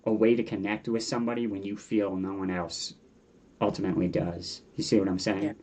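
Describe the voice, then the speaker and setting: A man's voice: on the low side, little pitch movement, fairly quick, a little mellow. A man in his forties, a podcast guest in a casual interview, talking earnestly and animatedly and repeating words as he thinks.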